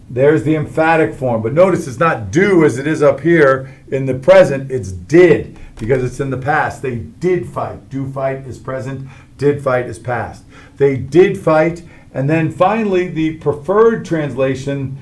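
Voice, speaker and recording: Man teaching a Latin grammar lesson. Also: medium pitch. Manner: explains step by step, checks in with "all right?".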